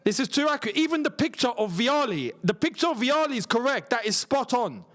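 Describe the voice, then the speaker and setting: A young man chats live on a football stream. His voice sits high and jumps all over the place, rising in excitement and sinking to a low mutter of disbelief. He tends to repeat himself as he reacts. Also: fairly quick. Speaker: football streamer hosting a watchalong. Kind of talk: casual live-stream chat.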